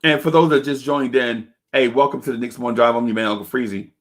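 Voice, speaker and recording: A young man hosting a fan livestream show and telling a long, animated story, jumping into high voices to act out the other people in it. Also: fast. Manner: acts out other people's voices in his stories, high-pitched and excitable. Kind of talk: animated storytelling and casual chat.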